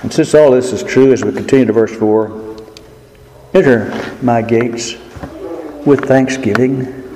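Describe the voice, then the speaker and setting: A man preaching a sermon in an earnest, emphatic way, leaning slowly on key words. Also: medium pitch, warm tone. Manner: earnest, emphatic, with slow drawn-out stresses. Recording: echoey hall with faint noise.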